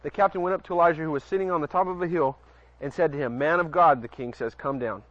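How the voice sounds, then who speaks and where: A man's voice: fairly high pitch, fast, a bit bright, dry recording. A man preaching casually, reading Bible passages aloud, often stumbling over words and adding chatty asides to his listeners. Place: outdoors at night near a porch. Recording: dull lo-fi recording.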